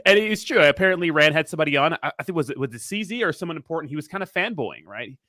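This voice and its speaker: A man's voice: on the high side, expressive, racing, sharp tone, no room sound, clean studio sound. A young man co-hosting a casual livestream, rambling through fillers and laughing often. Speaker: co-host of crypto livestream.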